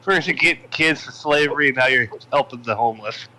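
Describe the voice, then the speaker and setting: A man's voice: medium pitch, brisk, bright, forceful tone, rough recording. A man playing a tabletop game over voice chat, joking and teasing the others. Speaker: player.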